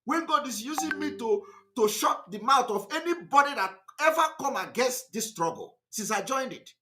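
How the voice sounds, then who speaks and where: A man's voice: very high voice, expressive, moderate pace, sharp tone. A man with a Nigerian accent giving an impassioned live online broadcast, emphatic and defiant, repeating his points. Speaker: activist broadcaster.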